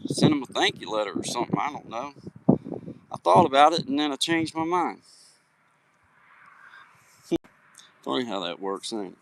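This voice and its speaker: A man's voice: mid-range voice, expressive, normal speed, pauses often, very noisy. A man from Virginia, chatting casually with live viewers from a hiking trail on his phone, folksy and friendly with greetings by name. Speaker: livestream host. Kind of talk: casual live-stream chat. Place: outdoors on a hiking trail at sunset. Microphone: phone held for a live stream.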